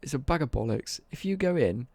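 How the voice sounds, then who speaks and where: Sweary British guy ranting, gravelly. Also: medium pitch, animated, fairly quick, a little mellow, no echo. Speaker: live streamer. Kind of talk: casual live-stream rant.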